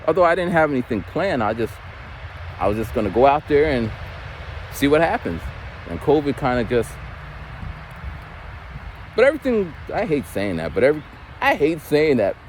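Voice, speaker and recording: A man's voice: mid-range voice, slight background noise. A man in his forties rambling casually while walking outdoors, loose and unpolished, swearing now and then. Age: 40s. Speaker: vlogger.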